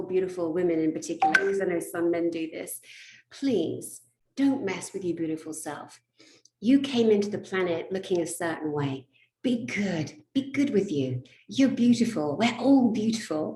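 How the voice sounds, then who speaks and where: A woman and spiritual therapist telling a humorous personal story, animated, laughing often and swearing casually. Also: fairly low pitch. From England. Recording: echoey room.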